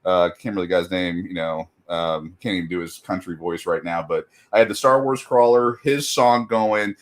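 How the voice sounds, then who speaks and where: A man's voice: sits low, moderate pace. A middle-aged man in casual chat as a guest, talking loosely with many fillers and frequent laughs.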